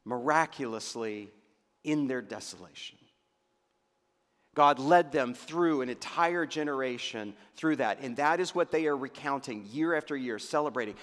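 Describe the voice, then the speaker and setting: A man preaching a sermon, his delivery swelling to fervent emphasis and then dropping to hushed, near-whispered lines. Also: fairly high pitch. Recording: long reverb of a large hall.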